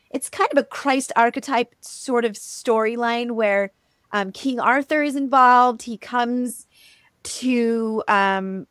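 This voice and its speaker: A woman co-hosting a podcast, casually retelling a myth in a chatty, animated way, with frequent ums and likes. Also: on the high side, no echo, clean studio sound. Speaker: podcast co-host. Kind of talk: casual storytelling chat.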